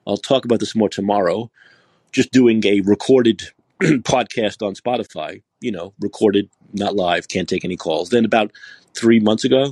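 A man's voice: on the low side, a little mellow, husky, no echo. A man hosting a live call-in podcast, talking casually and sarcastically, rambling with many restarts. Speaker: podcast host. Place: San Francisco.

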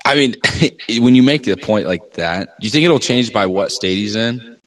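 A man's voice: on the low side, lively intonation, normal speed. A man co-hosting a sports podcast, chatting in an easygoing way. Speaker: podcast co-host. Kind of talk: casual sports chat.

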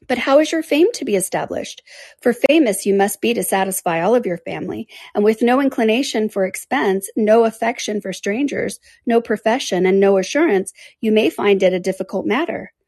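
A woman reading aloud, voicing an eager, passionate young woman in an animated, emphatic manner. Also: medium pitch, fairly quick, slightly rough, no room sound, studio quality. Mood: teasing.

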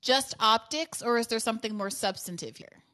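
A woman's voice: on the high side, moderate pace, pushed and bright. A woman hosting a podcast in casual political chat, chatty and self-deprecating, laughing often. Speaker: podcast host.

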